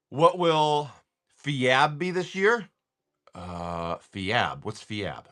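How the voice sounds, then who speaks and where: A man hosting a live card-break stream, just woken up and clearing his throat, chatting in a rambling way while rattling off card names. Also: mid-range voice, sing-song, drawn-out words, fairly bright tone. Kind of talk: casual livestream chatter.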